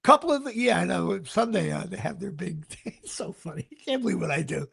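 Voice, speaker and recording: A man hosting a casual sports podcast, rambling excitedly and tripping over his words. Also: high voice, a little fast, gravelly, breathy edge. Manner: rambling, excitable, stumbles and restarts. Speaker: podcast host.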